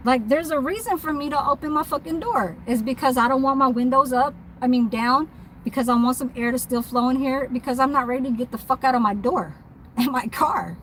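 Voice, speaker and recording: A woman's voice: high-pitched, slight background noise, poor audio. A woman who works as a mobile nail tech, ranting bluntly and profanely in a casual vlog from her parked car.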